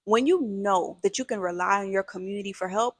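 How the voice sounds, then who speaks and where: A woman's voice: medium pitch, brisk, dry recording. A woman who is a mother, hosting a casual vlog, talking in an emphatic, conversational, slangy way. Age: adult, a mother. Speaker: video host.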